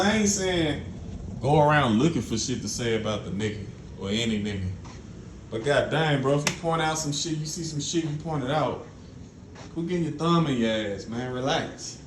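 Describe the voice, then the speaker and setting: A man's voice: a little high, animated, moderate pace, roomy sound, background noise. A man ranting casually to his viewers in a blunt, profane, exasperated way. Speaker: vlogger. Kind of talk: casual rant to camera.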